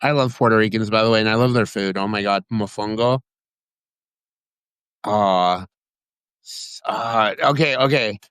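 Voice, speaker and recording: Rambling and excitable, this Sacramento, California man tells stories as a guest in a casual chat, frequently starting over. The recording is dry, and his fairly low, smooth voice moves at a moderate pace.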